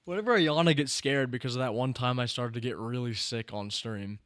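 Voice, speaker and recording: A man hosting a live stream, chatting casually and reacting excitedly to the screen and his chat. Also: mid-range voice, a little fast, dry recording, clean studio sound. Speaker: streamer host.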